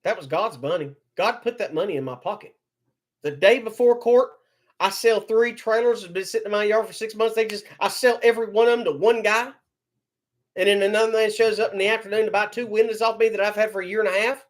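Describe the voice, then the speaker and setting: A man's voice: high-pitched, fairly even intonation, a little fast. Furious man ranting on a live stream. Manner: heated, profane, repeats himself. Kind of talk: angry live-stream rant.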